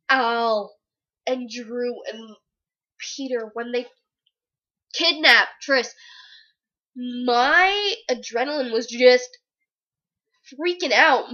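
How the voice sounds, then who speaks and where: Giggly bright-voiced young woman gushing. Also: high-pitched, dull audio. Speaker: book reviewer. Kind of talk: casual book review vlog.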